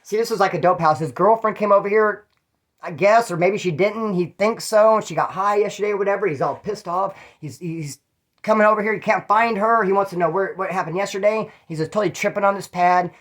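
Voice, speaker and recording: A man's voice: high-pitched, fairly quick, fairly bright tone. A man from California casually telling prison stories, in a profane, slangy, rambling way with restarts. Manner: mimics others in quoted voices. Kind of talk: casual storytelling.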